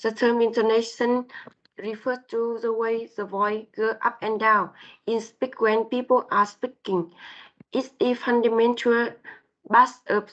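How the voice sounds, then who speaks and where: Woman, Vietnamese accent, hesitant reading, slow, dull recording. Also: fairly high pitch, level tone, fairly bright tone. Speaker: student presenter. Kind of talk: reading class presentation.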